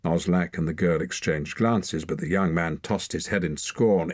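The narrator is male, low and husky, delivering a scripted audiobook with measured, expressive storytelling. He's recorded in a clean studio without any echo.

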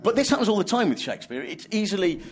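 A man's voice: high-pitched, big pitch swings, fast. A man hosting a live comedy show, playful and teasing with his guests. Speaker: host. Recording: live audience with background noise. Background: audience.

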